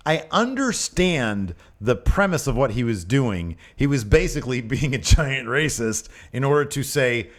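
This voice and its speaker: This is a young man co-hosting a laid-back wrestling podcast, and he talks in an animated, joking way. His pitch sits in the everyday middle for a man, and he keeps the chat loose with quick asides and bits of mimicry. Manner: animated, jokey, breaks into put-on voices and quick asides. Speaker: podcast co-host. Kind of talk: casual wrestling review chat.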